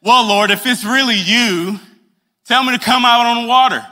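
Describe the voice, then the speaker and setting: An eager, impulsive fisherman disciple, as a preacher acts him out, babbling with nervous excitement. His voice rides high and sounds bright and forceful. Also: big-room sound, full character voice. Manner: excitable, jittery, talking fast. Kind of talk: acted scene within a sermon.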